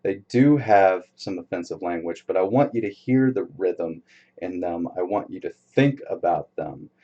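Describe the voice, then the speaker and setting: Low mellow male lecturer, lo-fi. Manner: reads poems aloud slowly, stressing the beat; relaxed, casual teacher talk with fillers. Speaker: college instructor. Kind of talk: recorded lecture.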